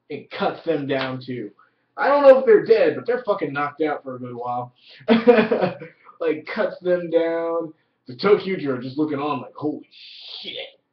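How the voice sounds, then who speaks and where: A man giving a casual spoken review of a TV episode, excited and profane, leaning heavily on "like". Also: on the high side. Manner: excited, profane, heavy use of "like". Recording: roomy, distant, dull lo-fi audio.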